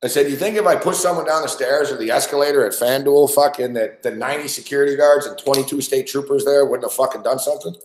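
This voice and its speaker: A man's voice: medium pitch, fast talker, few pauses, a little mellow. A man hosting a podcast, telling a rambling story in casual chat with lots of swearing. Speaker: podcast host. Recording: roomy echo.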